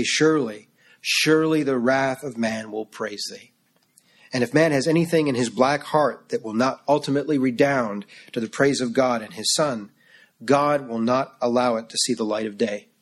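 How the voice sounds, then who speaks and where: A man preaching a sermon to his congregation in an earnest, emphatic way, slowing down to stress key words. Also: medium pitch.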